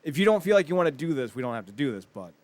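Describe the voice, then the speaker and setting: Podcast co-host, male, slightly high voice, profane and animated storyteller. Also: rapid-fire. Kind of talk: casual chat.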